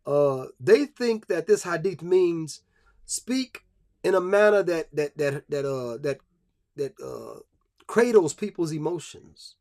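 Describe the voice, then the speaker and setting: A man's voice: a little high, expressive, takes it slowly, a little mellow. A man giving a live-streamed religious talk, preachy and emphatic, with many fillers and restarts.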